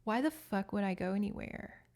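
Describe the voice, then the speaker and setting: A woman's voice: mid-range voice, lively intonation, normal speed, darkish tone, lightly acted. A woman voicing a pampered, contented female house cat who talks in a breezy, gushing way. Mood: scoffing.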